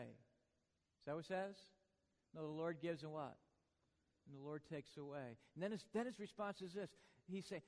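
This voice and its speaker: A man preaching a sermon in a church, swinging from hushed lines to booming ones with joking asides. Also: normal speed, in a large hall. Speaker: pastor.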